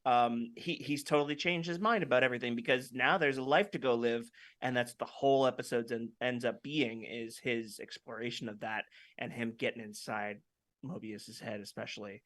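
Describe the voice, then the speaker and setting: Guy cohosting a show review podcast, bright forceful voice, dry close sound. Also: mid-range voice, normal speed, no room sound. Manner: animated, quotes lines in character voices. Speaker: podcast co-host. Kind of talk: casual chat reviewing a TV episode.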